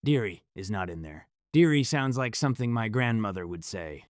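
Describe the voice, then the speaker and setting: Low-voiced man narrating horror, dry sound. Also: lively intonation, dry recording. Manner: dramatic, measured, first-person. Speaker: storyteller.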